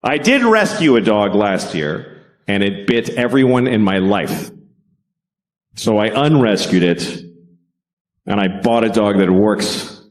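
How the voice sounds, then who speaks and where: A middle-aged man doing a stand-up comedy set on stage, deadpan and profane, acting out bits. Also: fairly low pitch, slow pace, pauses often. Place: stage before a live audience.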